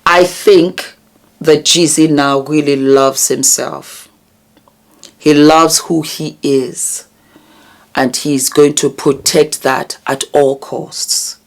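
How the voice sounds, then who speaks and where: A woman hosting her own channel, talking earnestly and emotionally about vulnerability and healing, with deliberate repetitions. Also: low-pitched, steady tone. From United Kingdom. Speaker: channel host. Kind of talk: reflective commentary vlog.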